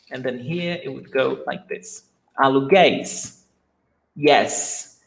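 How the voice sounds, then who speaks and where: Slow, patient teacher. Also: male voice, mid-range voice, creaky, low-quality recording. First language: Portuguese. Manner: patient, repeats words slowly, asks students questions. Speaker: Portuguese teacher. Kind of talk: live online lesson.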